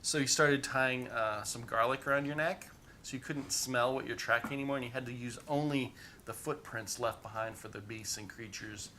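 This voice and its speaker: Gravelly man narrating a tabletop game. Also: medium pitch, fairly even intonation, normal speed, sharp tone, slight background noise. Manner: rambling, heavy on "you know" fillers. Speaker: game master.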